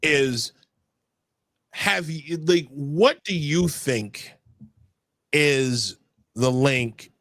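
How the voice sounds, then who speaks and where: A man's voice: medium pitch, a bit bright, no room sound. A man hosting a political talk show, speaking emphatically and often stumbling over his words. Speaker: podcast host.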